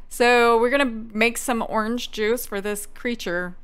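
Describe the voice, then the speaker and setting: A woman's voice: a little high, a little slow, few pauses, a bit bright, clear, resonant tone. A woman hosting a game playthrough, chatting through each step as she plays. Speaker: gaming channel host. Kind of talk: let's play commentary.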